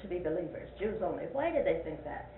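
A woman's voice: fairly low pitch, sing-song, fast talker, far from the mic. An older woman leading a Sunday school Bible class in a folksy, questioning way, often repeating points for emphasis. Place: church classroom. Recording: echoey, tinny lo-fi recording with faint hiss.

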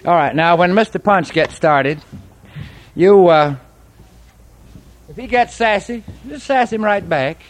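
A man's voice: high-pitched, animated, measured pace, pauses often, a little hiss or hum. Folksy man talking to a crowd of kids. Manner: folksy, coaxing, chatty with the audience. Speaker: puppeteer. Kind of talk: live show talk to children.

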